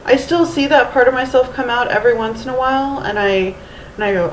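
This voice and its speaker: She talks quickly in a mid-range voice with few pauses, over slight background noise. In her thirties and from Houston, Texas, this vlogger rambles casually through a storytime in Valley Girl-flavored speech riddled with ums and restarts, recorded on her camera mic with roomy, faint ambience.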